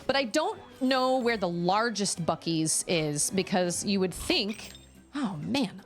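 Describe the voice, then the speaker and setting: While playing a video game on stream, a woman chats in a rambling, exclamatory way. Her medium-pitched voice is expressive and slow, with faint music in the background.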